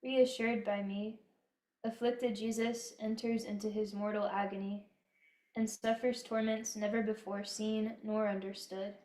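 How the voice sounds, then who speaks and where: A woman giving a slow, solemn devotional reading in a prayerful, measured manner. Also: mid-range voice, little pitch movement, dark tone. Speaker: devotional reader. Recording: echoey room.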